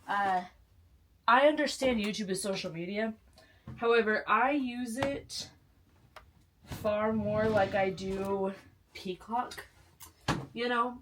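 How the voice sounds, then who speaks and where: A woman's voice: medium pitch, a little hiss or hum. A young woman from Texas chatting casually to camera in a home vlog, self-mocking, with sudden squeals and whispered asides. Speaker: book vlogger.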